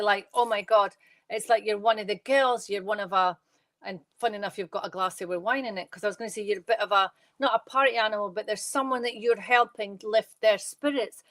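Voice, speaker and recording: A Scottish woman does live psychic readings from her bedroom at home, speaking quickly and chattily and often rambling and starting over. Her voice is medium in pitch and a little bright, captured in a dry recording.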